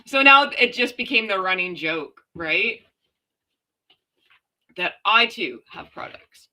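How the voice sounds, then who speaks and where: A middle-aged woman from Canada hosting a casual livestream, loud and chatty with a slight stutter, reading out viewers' comments. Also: medium pitch, expressive, slow. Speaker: livestream host.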